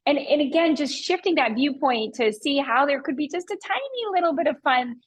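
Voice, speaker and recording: Woman, podcast host, high voice, enthusiastic, encouraging, quick to praise. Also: lively intonation, low-quality recording. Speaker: podcast host and real estate agent. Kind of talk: interview conversation.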